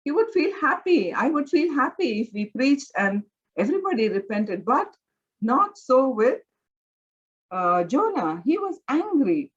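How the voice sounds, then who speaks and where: A woman's voice: high-pitched, sing-song, measured pace, slightly rough, dull audio. A woman teaching a Bible study in an earnest, conversational way, often using filler words as she explains. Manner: earnest, conversational, many "you know" fillers.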